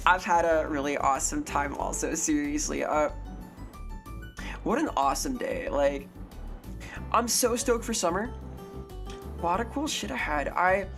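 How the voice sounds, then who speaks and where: A young adult woman streaming live, chatting casually with viewers and getting excitable and sweary when thanking them. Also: deep voice, unhurried, long pauses. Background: faint music.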